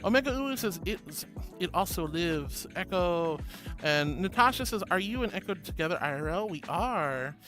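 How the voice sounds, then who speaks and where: A woman's voice: fairly low pitch, expressive, fairly quick, a bit bright. A woman streamer chatting casually and reading viewer comments aloud, bubbly, giggly and affectionate. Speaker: streamer host. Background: background music.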